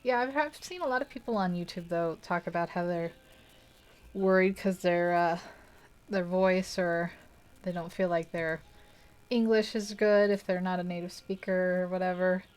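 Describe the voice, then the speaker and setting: A woman's voice: lowish voice, steady tone, normal speed, smooth. A young woman hosting a live art stream, chatting casually and rambling while she paints, laughing often and poking fun at herself. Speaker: art livestream host.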